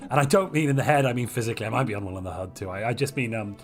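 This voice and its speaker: Hoarse playful male game streamer. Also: medium pitch, lively intonation, very fast, faint music behind. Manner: playful, theatrical royal pronouncements. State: hoarse from a chest infection. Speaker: streamer host. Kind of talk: livestream game commentary.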